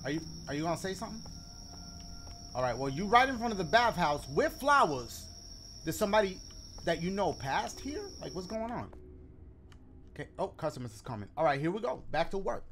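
A man hosting a let's play, commenting on the game in an animated, joking, slangy way. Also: high voice, fairly quick, pauses often, slight background noise. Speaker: gaming video host.

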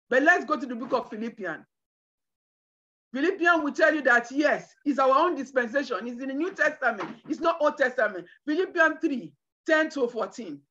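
A woman preacher delivering a sermon with emphatic, shouted bursts. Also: high-pitched, lively intonation, a little fast, dull audio. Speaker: preacher at a women's conference.

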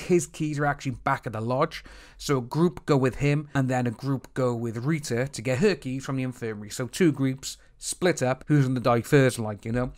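Male reviewer, mid-pitch, casual recap with quoted reactions. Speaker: TV series reviewer.

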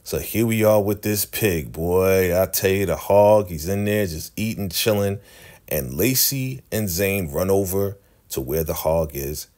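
Animated low-voiced man recapping a show. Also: measured pace. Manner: animated, acts out quotes in changing voices. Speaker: video host recapping a TV episode. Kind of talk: casual episode recap.

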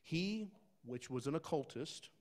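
A man's voice: lively intonation, unhurried. Folksy preacher man. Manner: folksy, conversational preaching with asides to the congregation; swings from quiet asides to loud, high emphatic bursts. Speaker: pastor. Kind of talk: sermon.

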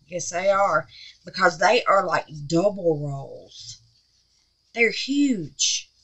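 Slow-talking woman, chatty crafter. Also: mid-range voice, poor audio. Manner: chatty, excitable, calls viewers babies and honey. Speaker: resin craft channel host. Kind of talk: casual crafting vlog.

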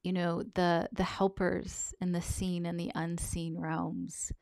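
A woman telling a personal story in a soft, halting, reflective way, often close to a whisper and on the verge of tears. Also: on the low side, level tone, vocal fry, dry recording. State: tearful, on the verge of crying. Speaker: vlogger sharing a personal account.

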